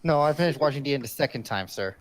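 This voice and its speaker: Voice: mid-range voice, animated, quick pace. A podcast co-host in casual chat, blunt and dismissive, often repeating to clarify.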